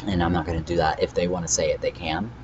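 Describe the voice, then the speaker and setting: A teenage vlogger with a low voice rambles quickly through a casual storytime recap, leaning on frequent fillers like "um" and reading chat messages aloud in a flat tone. The recording is slightly dull and muffled, with a faint hiss under his voice.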